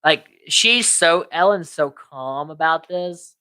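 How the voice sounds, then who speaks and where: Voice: medium pitch, lively intonation, takes it slowly, bright, forceful tone. A co-host casually retelling movie scenes on a podcast, slipping into quoted character voices. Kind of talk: casual movie recap chat.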